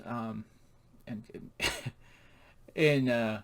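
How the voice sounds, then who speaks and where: A man's voice: mid-range voice, a little slow. A man casually reviewing a comic book, rambling and laughing at its jokes.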